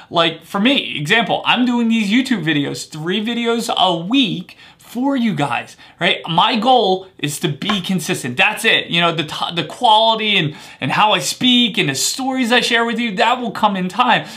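Energetic male coach in his thirties, high and bright voice, keeps asking "right?". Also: unhurried, hardly any pauses. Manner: energetic, punctuates points with "right?". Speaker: life coach. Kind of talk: motivational talk to camera.

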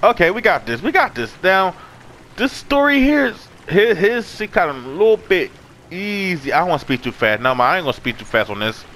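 A man commentating a horror game, excitable and profane, yelling and gasping at each scare. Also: sits high, a little fast, a little hiss or hum. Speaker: gaming YouTuber. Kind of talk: horror let's play commentary.

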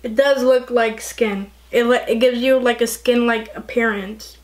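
A young woman chatting excitedly through a casual makeup tutorial, gushing over the products. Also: on the high side, measured pace. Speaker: beauty vlogger.

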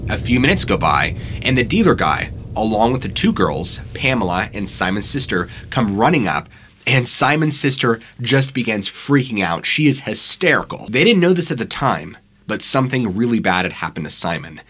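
A man's voice: fairly low pitch, very animated, normal speed, a bit bright, a little hiss or hum. A man narrating scary true stories in a dramatic, suspenseful storytelling manner on a studio microphone.

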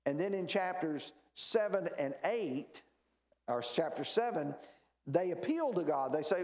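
A man's voice: on the high side, expressive, a little slow. Man teaching Bible study in an echoey room. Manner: reads scripture aloud with rising emphasis, explains plainly with fillers. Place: church meeting room.

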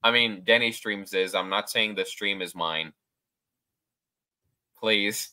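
A man with a very low yet bright-toned voice. He banters on a live stream in a crude, offhand way. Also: slow pace, clear, resonant tone.

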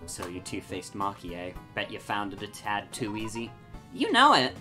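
A woman's voice: a bass voice, wildly swooping pitch, normal speed, soft background music, full character voice. Woman doing a dry, weary bug clerk. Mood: wry. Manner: dry and quiet, offhand.

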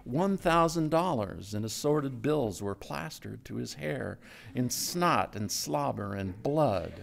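A man giving a live literary reading of a story, in a measured storytelling manner that drops low and quiet for tense moments. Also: vocal fry. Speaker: writer reading his own story. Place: stage before a live audience.

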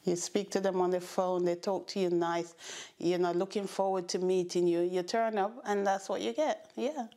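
A woman's voice: lowish voice, normal speed. An older woman with a Jamaican accent, telling her memories in a documentary interview and acting out what people said to her. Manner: animated storytelling, acting out quoted remarks.

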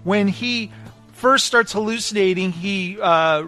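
A man co-hosting a podcast, casually recapping a book and acting out the lines in quick voices. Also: high-pitched, faint music behind. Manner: animated retelling with quoted voices. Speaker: podcast co-host.

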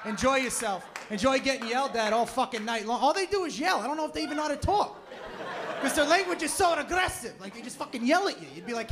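A man's voice: very high voice, lively intonation, a little fast. A man performing a live stand-up set on a comedy club stage, brash and profane as he tells stories. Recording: noisy live club recording.

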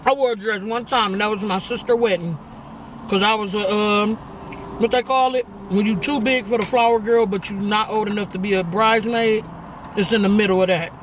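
A woman's voice: medium pitch, steady tone, fairly quick, a little hiss or hum. A young woman vlogger chatting casually and laughing as she tells a personal story to her viewers while eating. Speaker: vlogger host.

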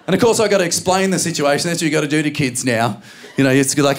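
A man in his thirties with an Australian accent, performing a stand-up comedy routine and acting out quick voices of his family. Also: a little high, a little hiss or hum. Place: live comedy venue with audience laughter.

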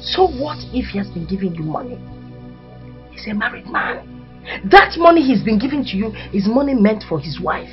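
An actress with a Nigerian accent playing a middle-aged mother who scolds her daughter loudly. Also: sing-song, moderate pace, highs cut off, faint music behind. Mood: scolding. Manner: shrill, scolding, rising to shouts.

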